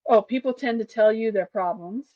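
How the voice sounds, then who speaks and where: A woman co-hosting a casual podcast, speaking softly as she works through a list and ties each point to her own life. Her recording is a bit muffled and lo-fi, and the sound is dry with no room echo. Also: on the high side, normal speed. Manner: soft-spoken, reads points then relates them to herself. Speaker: podcast co-host. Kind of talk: casual chat, reading a list aloud.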